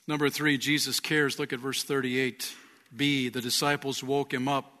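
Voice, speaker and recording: A man's voice: mid-range voice, level tone, normal speed, bright, forceful tone. A man preaching a sermon as pastor, earnest, rising and falling in volume. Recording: long reverb of a large hall.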